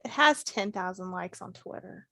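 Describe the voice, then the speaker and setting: A woman's voice: mid-range voice, expressive, moderate pace, vocal fry, sharp tone, dry recording, studio quality. A woman co-hosting a casual wrestling podcast, laid-back and mostly chiming in with short replies. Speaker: podcast co-host.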